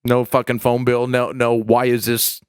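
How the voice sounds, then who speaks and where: A man's voice: mid-range voice, monotone, moderate pace, smooth, dry recording, studio quality. A man hosting a casual podcast, sweary and joking, rambling through anecdotes. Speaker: podcast host. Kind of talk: casual chat.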